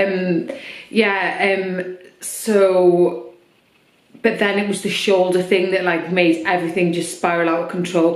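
Chatty woman vlogger, echoey room. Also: fairly low pitch. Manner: open, chatty, many fillers. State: slightly irritated throat. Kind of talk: personal vlog chat.

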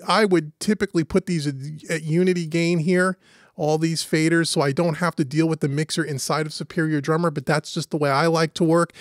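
A man with a fairly high voice walks through a software tutorial step by step, in a relaxed, conversational way. His voice is close and dry, with no room sound around it. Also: no echo. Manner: casual, step-by-step walkthrough. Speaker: host and instructor. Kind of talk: screen-recorded software tutorial.

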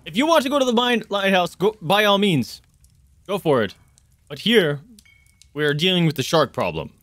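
A gruff, no-nonsense male sea captain, put on by a man in a tabletop game. He talks in a clipped, commanding way and shows no patience for nonsense. His voice sits clearly higher than the performer's own and is recorded dry. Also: lively intonation, moderate pace, dry recording, lightly acted. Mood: blunt, impatient. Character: gruff male ship captain, matter-of-fact, impatient.

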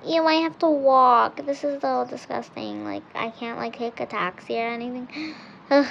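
A woman's voice: high voice, fairly even intonation, moderate pace, gravelly, a bit bright, highs cut off, slight background noise. A woman voicing a spoiled, whiny rich girl who drawls "like" and groans often in a game role-play. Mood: complaining.

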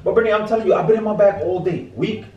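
A man's voice: high voice, racing, darkish tone, highs cut off. A young man with a Bahamian accent in a casual prank vlog at home, pleading and teasing as he keeps saying his girlfriend's name. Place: home indoors. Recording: echoey room, mic far off, faint music.

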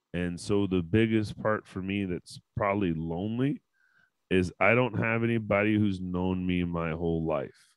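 A man's voice: fairly low pitch, clear, resonant tone, no echo, poor audio. A man hosting a casual panel podcast, talking candidly and emotionally with frequent swearing. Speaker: podcast host.

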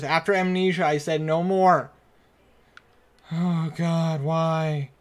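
A man's voice: a little high, fairly even intonation, takes it slowly, long pauses. A man giving nervous, muttering commentary as he plays through a horror game on his channel, speaking into a desk microphone. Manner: nervous, jumpy, muttering to himself. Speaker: gaming channel host.

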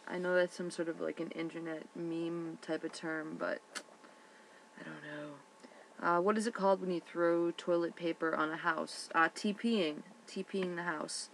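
A woman's voice: on the low side, a little slow, a little hiss or hum, low-quality recording. A young woman from Massachusetts with a Boston accent, vlogging casually and bluntly with plenty of ums and offhand swearing. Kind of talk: casual webcam vlog, reading a word list aloud.

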